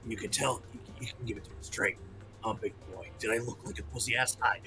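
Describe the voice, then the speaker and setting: A man's voice: medium pitch, fairly even intonation, fast, sharp tone, faint music behind. A man co-hosting a game stream, playful, greeting chat and joking with his partner. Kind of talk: casual live-stream chat.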